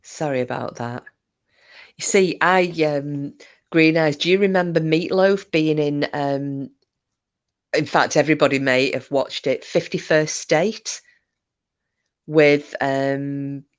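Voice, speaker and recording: A woman's voice: low-pitched, slow pace, clear, resonant tone, lo-fi sound. A woman hosting a livestream, chatting casually and rambling as she answers viewer comments. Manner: chatty, rambling, chuckling asides. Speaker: livestream host.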